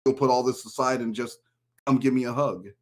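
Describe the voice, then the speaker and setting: Man, mid-pitched voice, casual podcast storytelling, animated when quoting someone. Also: fairly quick. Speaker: podcast guest. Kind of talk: casual chat.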